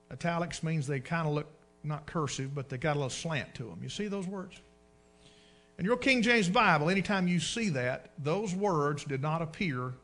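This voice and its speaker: A man's voice: a little high, fairly bright tone. A man preaching a sermon, telling folksy stories, using dialect and dragging out words for emphasis. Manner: folksy storytelling, dialect double negatives.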